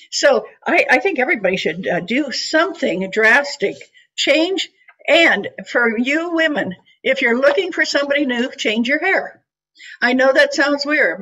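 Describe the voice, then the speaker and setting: A woman's voice: a little high, fairly bright tone. A woman in her eighties giving a chatty, reassuring psychic reading over a video call, with frequent fillers. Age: 80s. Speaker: psychic reader. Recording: dull lo-fi call audio.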